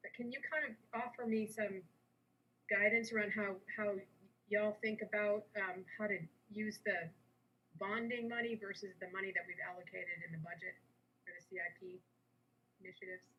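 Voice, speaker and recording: A woman chairing a virtual school committee meeting, asking casual questions with halting restarts. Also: mid-range voice, fairly even intonation, highs cut off, slight background noise. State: sleepy, yawning.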